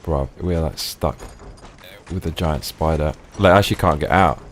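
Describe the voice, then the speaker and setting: A man's voice: extremely low pitch, normal speed, slight background noise. A young man giving casual, swear-filled let's play commentary, muttering in slang as he plays. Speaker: gaming streamer.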